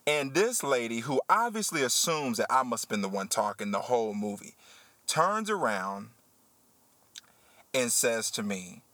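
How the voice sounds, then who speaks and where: A man who works as a teacher, hosting a casual podcast chat and telling a story with animated, heated energy. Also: mid-range voice, unhurried, no echo. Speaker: podcast host.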